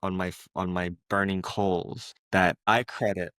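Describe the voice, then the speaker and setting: Low-voiced man telling a raw personal story. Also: level tone, a bit bright, dry recording. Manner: reflective, halting, many "like" fillers. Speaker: coach, interview guest.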